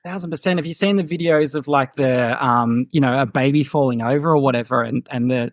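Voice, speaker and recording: A man in his thirties, a guest musician thinking aloud in a relaxed podcast chat, full of fillers and restarts. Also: medium pitch, fairly quick, dry recording, studio quality. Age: 30s. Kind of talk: casual podcast conversation.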